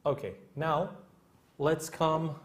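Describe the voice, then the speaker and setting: A man with a fairly high-pitched, steady voice teaches English grammar in a Kurdish accent, Kurdish being his native language. His explanations are slow, repetitive, and step by step, punctuated by frequent "okay?" checks.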